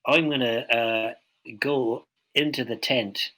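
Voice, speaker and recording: A man's voice: mid-range voice, fairly even intonation, slow pace, bright, forceful tone, a little hiss or hum, poor audio. A man playing his character in a tabletop game, brash, combative and profane. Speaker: player.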